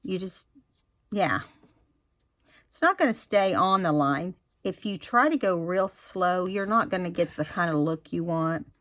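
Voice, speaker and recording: A woman's voice: lowish voice, animated, unhurried, a bit bright, dry recording. A woman giving a casual craft tutorial, chatty and explaining each step with fillers and restarts. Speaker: craft instructor.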